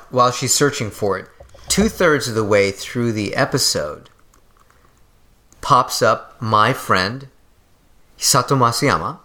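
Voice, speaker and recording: A man co-hosting a casual chat about a TV episode, speaking in measured, drawn-out phrases. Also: medium pitch, bright, forceful tone. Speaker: podcast co-host.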